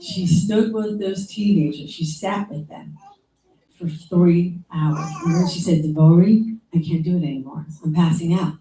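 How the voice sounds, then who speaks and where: A woman speaks informal memorial remarks in a mellow, darker voice. She rambles conversationally, with asides and quoted lines. She is heard from a distance in an echoey room. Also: lowish voice, unhurried, a little hiss or hum. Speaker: younger sister giving memorial remarks.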